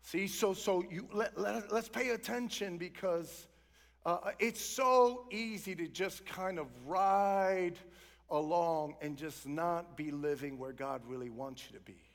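A man preaching a sermon to his congregation, chatty and joking at times, then building to loud, fervent calls for the crowd to answer him. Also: high-pitched, takes it slowly, vocal fry. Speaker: pastor. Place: church sanctuary. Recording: long reverb of a large room.

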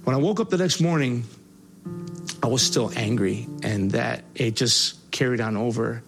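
A man recounts his past in an earnest, halting way, often restarting his sentences. His voice sits at a middle pitch for a man. Soft music plays faintly behind him. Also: gravelly. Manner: voice rises sharply when reliving angry moments. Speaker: person giving a personal testimony. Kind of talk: spoken personal testimony.

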